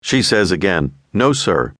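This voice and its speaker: A man narrating a scripted audio language lesson, giving prompts in a clear, measured way. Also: sits low, very animated, fairly bright tone, dry recording, studio quality. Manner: clear, measured instructional delivery.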